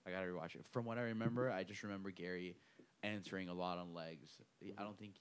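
A man's voice: low voice, fairly even intonation, fast talker, clear, resonant tone. A man co-hosting a podcast, chatting in a laid-back way with many fillers. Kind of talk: casual chat.

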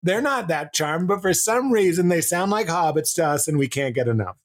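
An American man co-hosting a casual comedic chat, riffing fast and slipping into impressions. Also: on the high side. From United States. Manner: animated, riffing, quick to slip into impressions. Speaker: podcast co-host.

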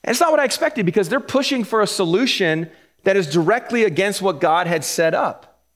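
A man's voice: high voice, lively intonation, a little fast. A man preaching a sermon in a conversational way, explaining each verse with asides and chuckling between points. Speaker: pastor.

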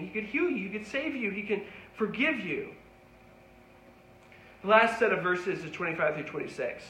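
A man's voice: high-pitched, bright, forceful tone, reverberant, slight background noise, low-quality recording. A man preaching a sermon as a pastor, conversational and rising to emphatic peaks.

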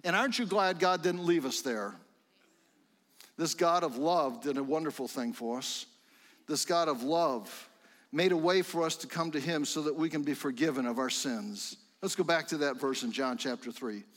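A middle-aged man preaching a sermon in a church sanctuary, fervent and rising to excited exclamations. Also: on the high side, moderate pace, in a large hall. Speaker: pastor.

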